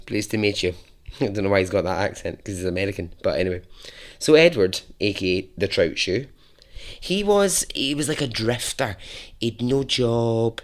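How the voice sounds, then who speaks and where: Man, podcast storyteller, unhurried delivery, chatty tangents. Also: mid-range voice. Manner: chatty, with laughing asides and rambling tangents. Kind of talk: casual storytelling.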